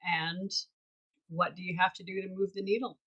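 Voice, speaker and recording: A woman's voice: lowish voice, level tone, moderate pace, a bit bright, breathy edge, muffled recording. A woman co-hosting a casual podcast chat, reflective and coaching, often restarting her sentences. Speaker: podcast co-host.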